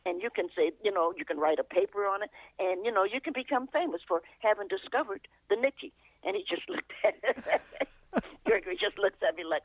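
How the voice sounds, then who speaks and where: A woman's voice: medium pitch, lively intonation, fairly quick, dry recording. An older woman, a poet and author, telling meandering stories as a guest, chuckling often and correcting herself as she goes. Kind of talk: reflective storytelling interview. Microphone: telephone. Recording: tinny phone line, dry.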